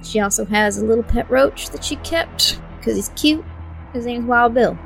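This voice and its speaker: Bright-pitched woman, playful player. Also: moderate pace, creaky, soft background music. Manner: playful, comic delivery. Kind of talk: introducing her character.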